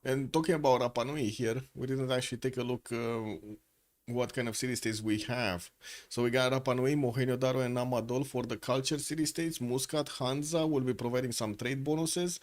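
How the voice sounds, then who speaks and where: A man's voice: mid-range voice, steady tone, fairly quick. A man giving live, chatty commentary on a strategy game match who often stops to ask his viewers questions. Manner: chatty, asks chat questions, frequent filler words. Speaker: esports caster.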